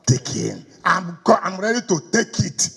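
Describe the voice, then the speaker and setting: A man's voice: sits high, very animated, measured pace, gravelly, fairly bright tone, breathy edge. A middle-aged Nigerian man giving a combative campaign speech to party leaders, firing off rhetorical questions and slipping into pidgin. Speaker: politician addressing party stakeholders. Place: government house hall. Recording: echoey hall recording.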